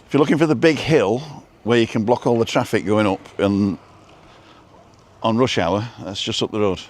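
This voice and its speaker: A man's voice: on the low side, moderate pace. A man chatting casually while driving and filming, reading out viewer comments with a dry, joking manner. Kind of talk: casual live-stream chat while driving. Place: inside a car.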